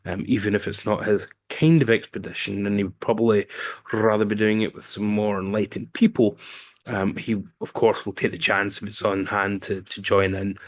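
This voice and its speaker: Low-voiced man recapping a film. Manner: wry asides, frequent um fillers. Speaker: film reviewer. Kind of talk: casual film plot recap.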